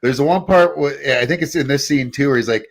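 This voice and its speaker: A man's voice: medium pitch, fairly quick. A man hosting a casual show, retelling scenes and often laughing as he talks. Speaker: podcast host. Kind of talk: casual review chat.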